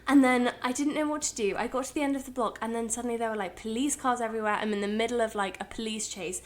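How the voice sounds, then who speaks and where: A woman's voice: on the high side, steady tone, quick pace. A young woman, co-hosting a casual podcast chat and telling stories with plenty of laughs. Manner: chatty, laughing storyteller. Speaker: podcast co-host.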